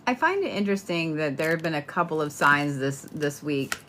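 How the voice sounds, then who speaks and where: A woman chats her way through a horoscope reading, blunt, playful and quick to swear. Her voice is bright and forceful, sitting a little low for a woman. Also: lively intonation, slight background noise. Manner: blunt, profane, chatty, playful. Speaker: tarot and astrology reader. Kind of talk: casual spoken horoscope reading.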